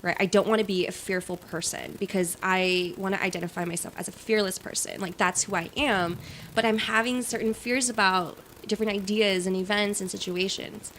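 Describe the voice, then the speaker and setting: A woman's voice: medium pitch, a little fast, a little hiss or hum. A woman guest on a podcast, telling a personal story in casual chat with lots of "like" and "right?". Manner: animated storyteller, many "like" and "right?".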